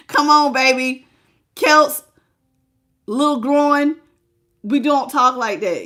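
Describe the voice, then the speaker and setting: A woman's voice: high-pitched, slow pace, long pauses, fairly bright tone. A woman giving a live tarot reading, talking casually and emphatically to her viewers, repeating phrases and laughing often. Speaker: tarot reader.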